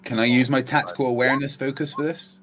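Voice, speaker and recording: A man's voice: medium pitch, little pitch movement, fast talker, noisy background. A man playing a tabletop role-playing game, asking short, matter-of-fact questions. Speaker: player. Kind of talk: casual tabletop play.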